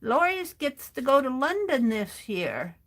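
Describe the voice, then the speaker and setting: Middle-aged lady, slow easy pace, crafting on a livestream and reading chat out loud. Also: sits high, very animated. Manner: chatty, greets viewers by name, reads chat aloud. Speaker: art journaling livestream host. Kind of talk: casual chat while crafting.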